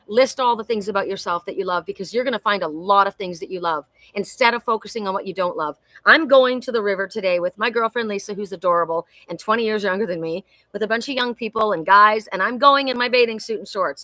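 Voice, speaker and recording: Bright, forceful middle-aged woman. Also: mid-range voice, dry recording. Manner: emphatic and heartfelt, with many repetitions and restarts. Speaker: oracle card reader hosting a weekly live reading. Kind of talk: spiritual live-stream talk.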